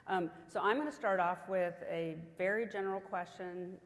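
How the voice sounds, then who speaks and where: A woman's voice: fairly low pitch, normal speed. A woman in her sixties with a faint Southern accent, moderating a conference panel in a chatty way with many fillers and restarts. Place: large conference hall. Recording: hall reverb, faint background noise.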